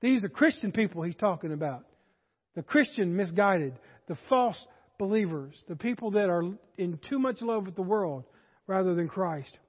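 High-voiced Southern preacher in an echoing hall. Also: male voice, expressive, normal speed, breathy edge. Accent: Southern American. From Southern United States. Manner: folksy, rising to emphatic preaching. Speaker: pastor. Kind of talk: sermon. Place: church sanctuary. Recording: dull lo-fi sound in a reverberant hall.

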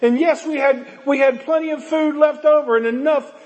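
A man's voice: very high-pitched, steady tone, normal speed, long reverb tail, pitched above the performer's own voice. A man voicing a grieving widowed mother who protests and pleads in anguish.

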